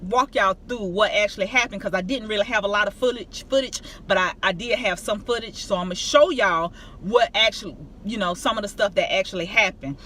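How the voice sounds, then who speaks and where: Animated woman vlogger. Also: mid-range voice, fairly quick, a little hiss or hum. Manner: animated, emphatic, addresses viewers as y'all. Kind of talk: casual storytelling to camera.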